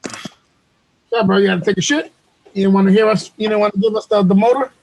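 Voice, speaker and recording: A man bantering on a video call, joking crudely and teasing loudly. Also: high-pitched, steady tone, brisk, gravelly, slight background noise, low-quality recording.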